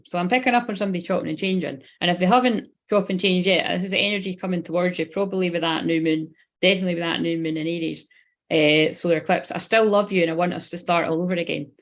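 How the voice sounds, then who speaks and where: A woman in her thirties with a slightly low voice runs a live-streamed card reading. She rambles from thought to thought and swears casually. She keeps turning to talk straight to her viewers. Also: quick pace. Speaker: spiritual reader.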